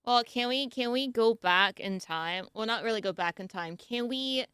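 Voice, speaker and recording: Bright, crisp-voiced woman streamer. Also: fairly high pitch, normal speed, no echo. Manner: giggly, teasing, mocks long-winded wording. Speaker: streamer reacting to a video. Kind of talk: casual live-stream reaction commentary.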